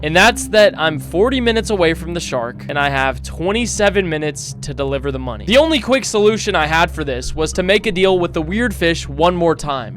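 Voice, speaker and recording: Excitable young man narrating a horror game. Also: a little high. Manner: excitable, swears a lot, slangy. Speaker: gaming YouTuber.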